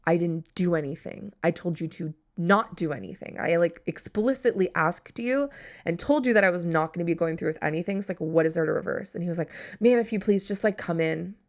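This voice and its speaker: A woman's voice: lowish voice, fairly quick. A young woman hosting a podcast, telling a story in casual chat, exasperated and sarcastic, swearing freely and acting out both sides of the conversation. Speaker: podcast host.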